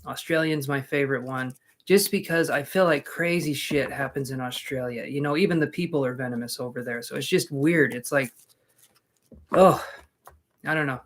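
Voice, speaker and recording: A tarot reader reads cards live on a stream, chatting casually with viewers and slipping in joking asides between readings. His voice is medium-pitched and a bit bright, at a moderate pace.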